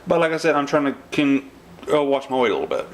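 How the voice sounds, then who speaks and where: A fast-talking man with a mid-range voice and big swings in pitch hosts a casual home cooking video from his kitchen. His talk rambles, full of fillers and restarts, and the noisy recording catches dishes and cutlery clattering behind him.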